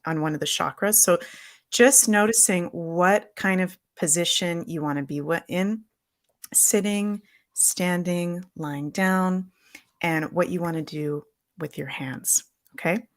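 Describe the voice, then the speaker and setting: A woman on a livestream video call, speaking earnestly and guiding a slow, soothing breathing visualization. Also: lowish voice, no room sound, clean studio sound. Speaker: spiritual guest. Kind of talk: guided visualization.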